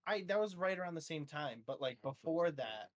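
A young man co-hosting a casual chat, easygoing and quick to chuckle. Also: a little high, animated. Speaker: podcast co-host.

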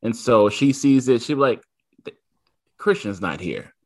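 A man in his thirties tells a story in relaxed podcast chat. He acts out the other people in it with lively shifts of voice. His pitch sits in the middle range. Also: a little slow. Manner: animated, acts out his son's lines. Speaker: podcast co-host.

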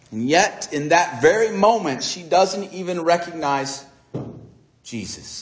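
A man preaches a sermon, dramatically retelling a story and acting out its dialogue, swinging between soft and raised delivery. His pitch is fairly high, and the sound is reverberant.

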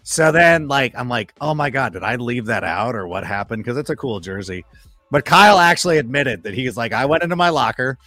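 A man with a lively, swooping pitch talks football as a studio guest. He tells his stories with flair, acting out what people said and swearing freely. The sound is dry and close, with faint music under it. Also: fairly quick, no room sound. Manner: animated storyteller, acts out quoted remarks, swears freely. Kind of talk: casual sports chat.

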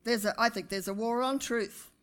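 A woman preaches to her church, her fairly high voice lifting to loud peaks on key lines. She speaks straight to the congregation and draws them into an animated sermon. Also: moderate pace. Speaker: pastor.

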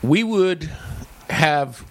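A man from Los Angeles sits in as a podcast guest and tells neighborhood stories in easy, casual chat. His pitch rises and falls a lot as he acts out the people in each tale. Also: drawn-out words. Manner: animated storyteller who acts out childhood voices.

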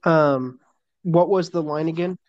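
A man's voice: fairly high pitch, moderate pace, no room sound. Sleepy man, faint and muffled. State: sleepy, yawning. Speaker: podcast co-host. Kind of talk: casual sports podcast chat.

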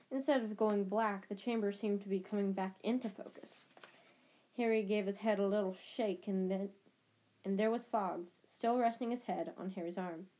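Sex: woman. Role: audiobook reader. Style: reading a novel aloud. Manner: dramatic, repeats phrases. Pitch: medium. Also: warm tone, low-quality recording.

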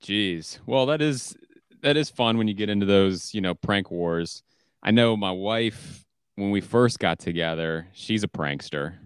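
Deep-voiced, smooth podcast host. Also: male voice, expressive, a little slow, no room sound, clean studio sound. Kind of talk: casual chat.

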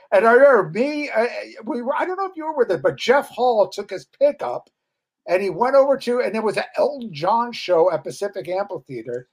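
A middle-aged man with a notably high speaking voice spins loose, profane stories from the old days. He rambles freely in casual chat. He slips into other people's voices whenever he quotes them. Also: lively intonation, fairly quick, breathy edge. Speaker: guest, former metal band guitarist.

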